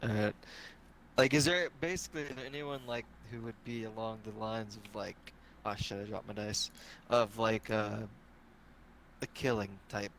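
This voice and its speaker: A man's voice: lowish voice, steady tone, moderate pace, fairly bright tone, a little hiss or hum, rough recording. Rambling eager male player. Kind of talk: casual tabletop play.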